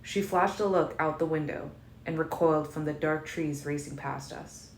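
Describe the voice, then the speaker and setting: A woman narrating a fan-made audiobook in a calm, measured first-person reading. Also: deep voice. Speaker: audiobook reader. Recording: roomy echo, faint noise.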